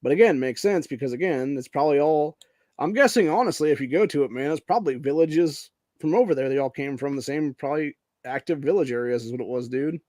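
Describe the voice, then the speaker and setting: A man's voice: fairly high pitch, quick pace, darkish tone, no room sound. A man hosting a casual political commentary show, reading news items aloud, swearing freely and saying "dude" constantly as he gets heated. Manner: profane, says "dude" constantly, grows heated; reads news items aloud while screen sharing. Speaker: podcast host.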